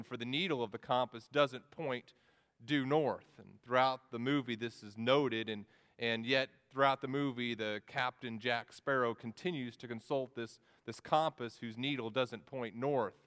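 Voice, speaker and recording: A man's voice: mid-range voice, a bit bright, smooth. Man preaching in a reverberant church. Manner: earnest, with frequent word repetitions. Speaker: pastor. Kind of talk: sermon. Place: church sanctuary. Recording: long reverb of a church hall.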